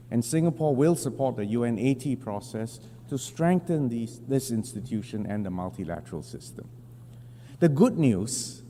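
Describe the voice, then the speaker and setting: A man delivering a formal prepared speech as a government delegate at a large assembly, measured and emphatic with deliberate pauses. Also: medium pitch, warm tone, in a large hall, slight background noise.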